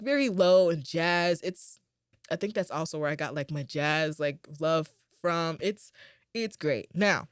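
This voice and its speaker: A woman's voice: sits low, no room sound, studio quality. A young woman hosting a podcast, chatting casually in a rambling, upbeat way with lots of fillers, and a little tired. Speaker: podcast host. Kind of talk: casual chat.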